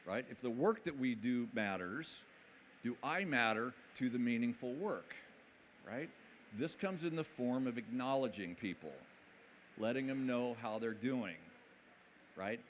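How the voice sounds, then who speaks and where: A man's voice: medium pitch, a little hiss or hum. A man giving a motivational conference talk to a live audience in a hall. He talks energetically, jokes and keeps asking the crowd questions. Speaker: conference speaker.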